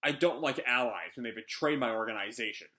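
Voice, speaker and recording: A man's voice: medium pitch, fairly quick, bright, forceful tone, natural voice. A man voicing a stern male gang boss from a manga, speaking in a firm way.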